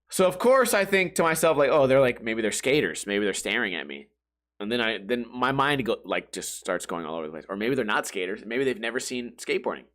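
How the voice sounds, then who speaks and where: Animated, self-mocking man rambling. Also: mid-range voice. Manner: rambling, self-mocking, laughs at own jokes; crude, profane storytelling. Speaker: podcast host. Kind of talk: casual comedic monologue.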